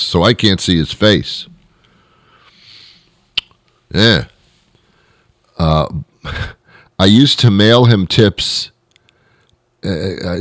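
A man hosting a show, delivering a rambling comedic monologue full of restarts and deadpan absurd asides. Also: sits low, no room sound, studio quality. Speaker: show host.

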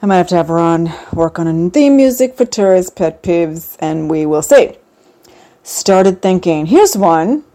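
A woman's voice: on the low side, lively intonation, measured pace, dark tone, no echo, rough recording. A woman hosting a podcast, talking in a chatty, wry and rambling way. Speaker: podcast host. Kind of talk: casual solo podcast chat.

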